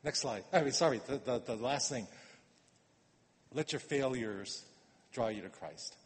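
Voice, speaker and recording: A man preaching a sermon in a conversational way, repeating words and swinging from quiet asides to emphatic urging. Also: medium pitch, unhurried. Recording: long reverb of a hall.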